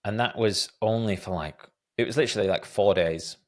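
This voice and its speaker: Speaking a little fast at a fairly low pitch, a thirty-something man works through listener questions on his solo podcast. He's thoughtful but hesitant, with frequent fillers and restarts.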